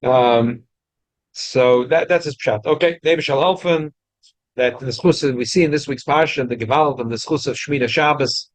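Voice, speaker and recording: At medium pitch and a normal pace, a rabbi explains Torah to a study group, frequently restarting and using Hebrew and Yiddish terms. The recording is dry.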